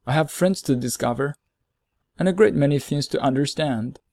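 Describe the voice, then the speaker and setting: Polite, curious little boy prince voiced by a male reader, slightly raised pitch, dry close storybook sound. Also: moderate pace, no echo. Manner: polite, gently questioning. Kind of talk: storybook reading.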